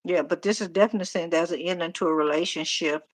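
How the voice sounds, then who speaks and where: A middle-aged woman, casually reading tarot on a live stream, animated and talking straight to viewers. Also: on the low side, fast talker. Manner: chatty, animated, talks to viewers directly. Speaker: tarot reader.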